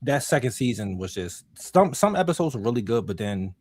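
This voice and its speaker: A man's voice: medium pitch, sing-song, a little fast, dry recording. Swearing, emphatic man on a podcast. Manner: emphatic, swears a lot, says "bro". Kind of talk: casual podcast chat.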